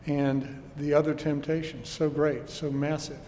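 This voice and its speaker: A man's voice: fairly high pitch, flat delivery, unhurried, dark tone, long reverb tail, a little hiss or hum. A man preaching a sermon with earnest emphasis and rhetorical questions, recorded in a church.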